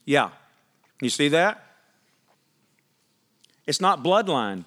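A man preaching a sermon, his voice sitting a little above the usual male pitch. He talks to the congregation conversationally, reading scripture aloud and pressing his points with emphatic questions. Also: measured pace, pauses often, a bit bright. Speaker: pastor.

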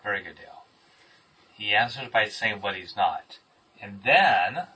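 A man's voice: on the low side, normal speed, pushed and bright, breathy edge, far from the mic, low-quality recording. A man leading a group Bible study, asking questions and praising the answers he gets. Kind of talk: interactive Bible study teaching.

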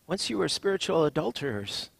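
A man preaching a sermon as a pastor, swinging from hushed, drawn-out phrases to emphatic lines. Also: fairly high pitch, vocal fry, breathy edge, no echo.

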